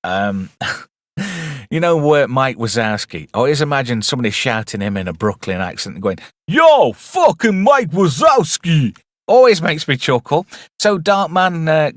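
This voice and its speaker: A man's voice: mid-range voice, dry recording, studio quality. A man hosting a casual live film review stream, chatty and wry with rambling asides.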